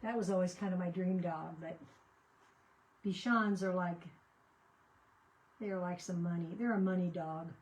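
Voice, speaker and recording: A woman's voice: lowish voice, steady tone, normal speed, pauses often, darkish tone, slight background noise, rough recording. An older woman chatting casually as she crafts at home, rambling and often trailing off mid-sentence. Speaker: crafting channel host. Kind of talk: casual chat while crafting.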